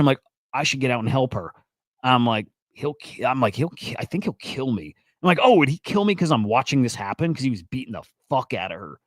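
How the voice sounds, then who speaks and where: A man's voice: medium pitch, no echo, clean studio sound. Profane, rambling male storyteller. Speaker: host. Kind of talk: casual storytelling on a livestream.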